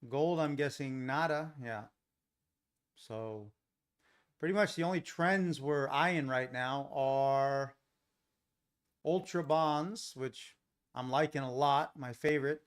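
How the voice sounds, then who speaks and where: A man's voice: medium pitch, slow pace, pauses often, smooth. Laid-back man hosting a trading stream. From Los Angeles. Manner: relaxed, rambling, chuckles often. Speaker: day trading livestream host. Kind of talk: casual live commentary, chatting with viewers. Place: home trading setup.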